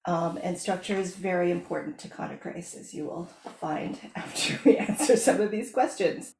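A woman's voice: on the low side, normal speed, creaky, a little mellow. A woman hosting her podcast, chatting casually and laughing lightly. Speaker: podcast host. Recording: echoey room.

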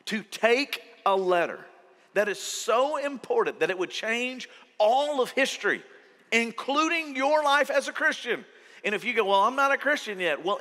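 Animated pastor preaching in a hall. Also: male voice, extremely high pitch. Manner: animated, mimics worried voices. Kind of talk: sermon. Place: church auditorium. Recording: long church hall reverb.

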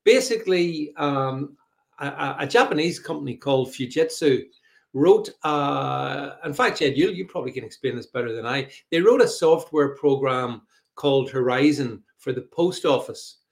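Chatty podcast host. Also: male voice, mid-range voice, moderate pace, vocal fry. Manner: chatty, reads out viewer comments, frequent fillers. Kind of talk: live podcast chat with co-host.

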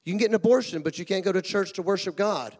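Male pastor, high voice, emphatic sermon delivery, long hall reverb. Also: fast. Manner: emphatic, rhetorical questions, swings between loud and hushed.

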